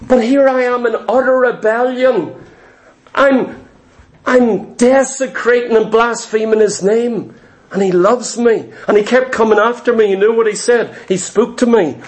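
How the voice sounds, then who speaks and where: A man's voice: very high voice, a little slow. A man preaching a fervent, confessional testimony in a sermon, repeating key phrases for emphasis.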